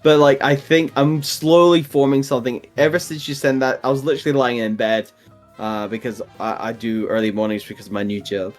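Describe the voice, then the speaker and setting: Easygoing, hesitant man in relaxed chat. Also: mid-range voice, brisk. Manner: easygoing, hesitant, with short replies and quiet laughs. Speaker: podcast co-host. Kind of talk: casual chat. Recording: faint music behind.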